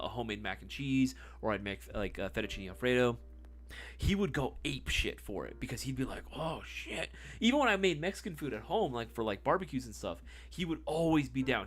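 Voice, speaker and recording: A young man hosting a live stream, telling a long story casually with lots of swearing and sudden swings from loud to low. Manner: animated, profane, swings between loud and low.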